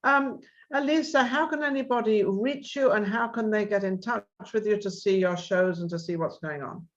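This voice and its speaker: A woman's voice: mid-range voice, moderate pace, dull audio. A woman host of an interview show, talking with enthusiasm in a rambling, restarting way. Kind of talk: casual interview chat.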